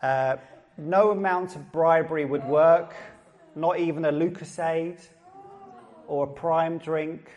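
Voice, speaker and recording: A man's voice: fairly high pitch, steady tone, slow pace, darkish tone, lo-fi sound. A middle-aged man with an Essex accent preaching a sermon as a pastor, chatty and joking, often repeating his phrases. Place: church service.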